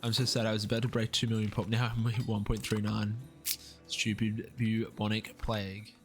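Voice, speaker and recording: A young Australian man with a fairly low voice rambles casually and upbeat while live-streaming a strategy game and chatting with viewers. His delivery is flat at a moderate pace, with faint music playing behind him.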